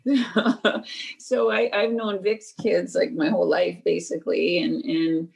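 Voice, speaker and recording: Chatty woman with heavy vocal fry. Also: fairly low pitch, flat delivery, a little slow, darkish tone, low-quality recording. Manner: chatty, laughing, many 'like's. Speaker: interview guest. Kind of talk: casual interview recollection.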